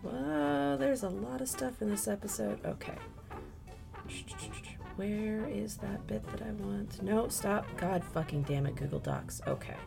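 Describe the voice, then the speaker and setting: A woman's voice: mid-range voice, unhurried, vocal fry, music in the background. A young woman voice actor running a mic test, talking to herself in a self-deprecating way and swearing freely. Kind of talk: casual chat.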